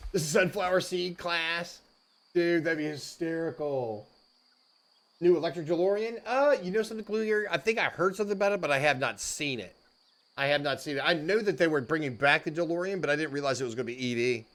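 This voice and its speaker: Chatting with his livestream viewers, this host keeps things jokey, laughing often and dropping "dude" and "frickin'" into the casual talk. His voice is a little high with a fairly bright tone.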